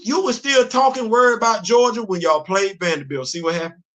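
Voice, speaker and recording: High, bright-voiced teasing man. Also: a little fast. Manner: animated, teasing, emphatic. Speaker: host. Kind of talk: comedic live-stream commentary.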